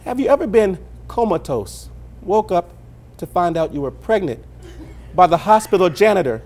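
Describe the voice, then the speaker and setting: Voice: mid-range voice, animated, moderate pace, a little mellow. A talk show host running a joking quiz game, teasing the guest and laughing at their own jokes.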